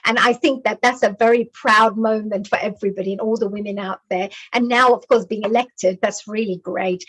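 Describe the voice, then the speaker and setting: A woman hosting a livestreamed interview, gushing with praise, laughing often and filling pauses with many fillers. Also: on the high side, fairly bright tone, low-quality recording. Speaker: host. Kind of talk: casual interview chat.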